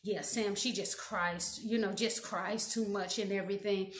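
A woman's voice: medium pitch, fairly even intonation, normal speed, echoey room, lightly acted. A woman voicing her scolding, irritated mother.

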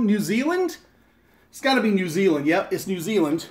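This time the Las Vegas vlogger speaks at normal speed in a high, sing-song voice. He jokes, rambles, and swears casually on his live stream while opening fan mail at home.

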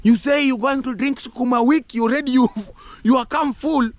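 A man with a Kenyan accent vlogging outdoors in a village, talking excitedly and rambling, mixing English and Swahili and laughing often. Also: extremely high pitch, brisk, no room sound. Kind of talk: casual vlog talk to camera.

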